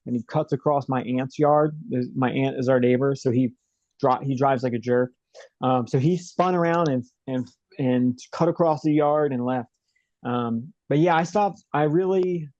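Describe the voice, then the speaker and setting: A man's voice: mid-range voice, darkish tone, no echo, muffled recording. A middle-aged man, an interview guest, telling a personal story in a rambling way with lots of fillers and restarts. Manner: rambling, repeats himself, many fillers. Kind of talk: casual storytelling.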